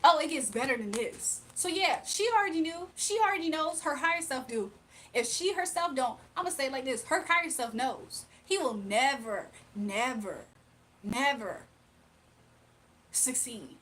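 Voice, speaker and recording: A woman's voice: high-pitched, lively intonation, fairly quick, fairly bright tone. A woman, giving a casual, emphatic spiritual reading on a livestream. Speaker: spiritual reader.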